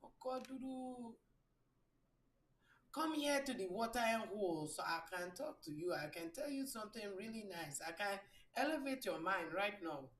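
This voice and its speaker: A woman's voice: mid-range voice, animated, moderate pace. A woman hosting a live stream as a spiritual reader, giving a blunt, profane motivational talk and repeating phrases for emphasis. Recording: roomy echo.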